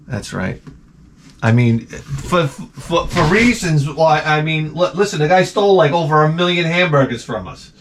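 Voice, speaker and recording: A man's voice: fairly high pitch, normal speed. A middle-aged man, hosting a rambling, profane comedic monologue. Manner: rambling, profane, animated ranting. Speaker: host.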